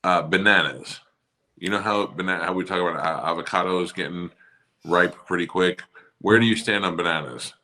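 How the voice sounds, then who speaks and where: A man's voice: deep voice, moderate pace, bright, forceful tone. A man co-hosting a podcast in casual, profane, rambling chat full of jokes. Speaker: podcast co-host.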